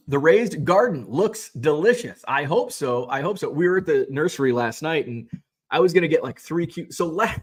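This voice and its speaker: A middle-aged man hosting a casual livestream, reading viewer comments and ranting in a sarcastic, profane way. He rambles, restarting his sentences often. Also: medium pitch. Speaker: host of a sports card selling livestream.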